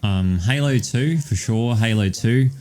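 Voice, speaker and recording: A man's voice: medium pitch, unhurried, a little mellow. A young man chatting casually as podcast co-host, rambling and swearing, with lots of ums. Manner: rambling and profane, with many ums and "all right"s. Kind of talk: casual chat.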